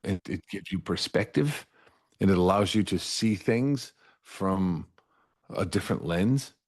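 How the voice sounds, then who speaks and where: A middle-aged man recounts his life candidly as an interview guest, his low voice expressive, measured, a little mellow, with a breathy edge. He's earnest, repeats words when starting a thought, and adds "right?" after his points.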